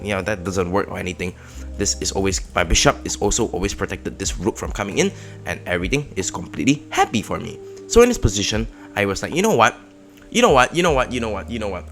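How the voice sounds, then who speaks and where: A man giving casual, excitable commentary on his own chess game, with sudden loud outbursts. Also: on the low side. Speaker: chess vlogger.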